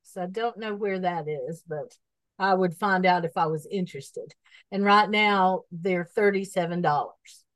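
A woman's voice: on the low side, measured pace, no room sound, poor audio. A woman co-hosting a podcast in easygoing casual chat, laughing often and reading out listings. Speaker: podcast co-host.

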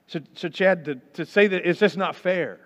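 A man's voice: high voice, moderate pace. Man, pastor, sermon, conversational, mock voices for complaints, dull lo-fi sound, long reverb.

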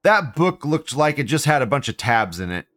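A livestream host reads chat and rants in a profane, agitated way, firing off repeated questions. His mid-range voice swings widely in pitch, is a bit bright, and moves at a moderate pace.

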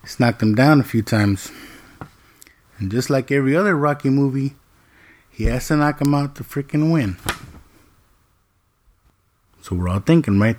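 Male, husky voice, casual movie recap, animated and profane storytelling. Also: medium pitch. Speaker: movie reviewer.

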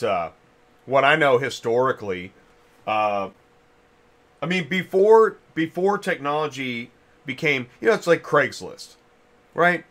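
Host, male, bright edge, rambling talker, mid-range pitch, chewing a cough drop. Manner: rambling, thinks aloud with many restarts. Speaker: podcast host. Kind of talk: casual industry chat.

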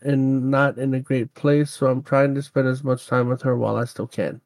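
A man's voice: mid-range voice, level tone, normal speed, darkish tone, no room sound. Podcast guy reading out a fan email, dry close sound, teasing little asides. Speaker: podcast co-host. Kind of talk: casual chat, reading a listener email aloud.

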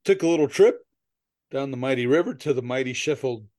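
A male podcast co-host chats in a relaxed, casual way, spinning long, rambling stories, laughing often and swearing freely. His middle-pitched voice moves briskly.

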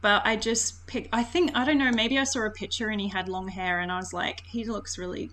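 A woman's voice: mid-range voice, steady tone, fairly quick, a bit bright. A woman co-hosting a film podcast, chatting casually, often laughing and hesitating. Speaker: podcast co-host.

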